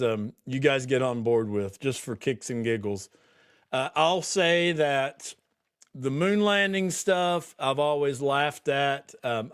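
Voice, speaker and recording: On a podcast livestream, a male host chats casually with viewers and reads their comments, rambling, laughing a lot and restarting sentences. He has a smooth, mid-range voice.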